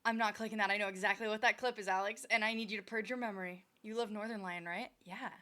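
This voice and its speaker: A woman streamer chatting casually as she reacts to and comments on clips. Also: medium pitch. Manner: bursts into excited fast talk.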